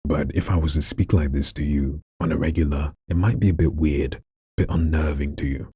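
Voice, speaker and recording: A man with a very deep, gravelly voice full of vocal fry, chatting casually and jokingly in a vlog while showing off voices at home late at night. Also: fairly quick, no echo, studio quality. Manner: relaxed, chatty, jokey asides. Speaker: hobby voice actor.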